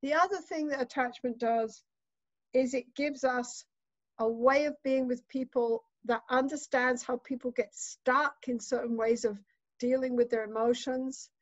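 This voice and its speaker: A woman's voice: on the high side, a little mellow, no echo. Woman, psychotherapist, keynote lecture, emphatic, conversational, dull lo-fi dry recording. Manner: emphatic, conversational, with rhetorical "right?" tags.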